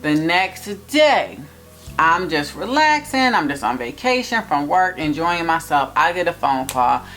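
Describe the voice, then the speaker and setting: A young woman in a casual storytime vlog, talking straight to viewers in an animated, emphatic way. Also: sits low, a little slow, soft background music. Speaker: vlogger telling a personal story.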